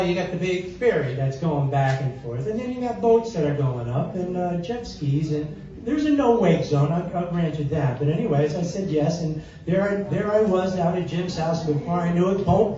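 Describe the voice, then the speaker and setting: A man's voice: sits high, expressive, moderate pace, few pauses, dark tone. A man, a songwriter and society president, telling rambling anecdotes to a live audience between songs. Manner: chatty, rambling anecdotes with fillers and audience asides. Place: community hall with live audience. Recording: far-off, echoey, dull hall recording.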